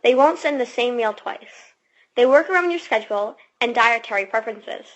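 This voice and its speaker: A woman's voice: a little high, expressive, normal speed, dull audio. A woman reading a sponsor ad with her father, teasing him. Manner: teasing, giggly. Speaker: daughter reading an ad.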